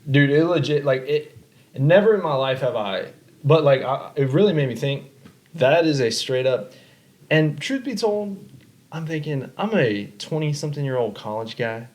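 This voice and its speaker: A young man hosting a podcast, telling a story in casual chat, animated, repeating himself and swearing. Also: a little high, normal speed, rough recording. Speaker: podcast host.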